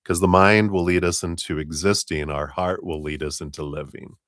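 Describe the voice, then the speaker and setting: A man reading tarot cards on a live stream, talking in a relaxed, meandering way with many fillers and now and then raising his voice to act out spirit voices. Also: normal speed, dry recording, studio quality. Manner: acts out spirit voices in a raised pitch, laughs often. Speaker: tarot reader.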